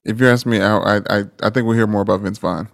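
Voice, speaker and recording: A man's voice: lowish voice, fairly even intonation, quick pace, vocal fry. A man co-hosting a casual podcast chat from a remote line, easygoing and searching for his words. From Florida, USA. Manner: easygoing, with many fillers and restarts. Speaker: podcast co-host.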